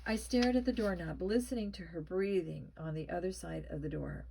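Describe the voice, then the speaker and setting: A woman narrating a spooky children's story with a tense, expressive reading. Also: on the low side, moderate pace, gravelly, hardly any pauses, slightly rough, poor audio. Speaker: storybook reader.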